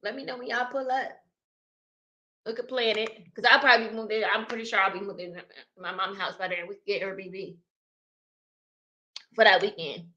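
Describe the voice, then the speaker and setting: Bright-voiced chatty woman livestreaming. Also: medium pitch, fairly even intonation, brisk, dull audio. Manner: chatty, laughs often, talks to viewers as y'all. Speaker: livestream host reading chat. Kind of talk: casual livestream chat.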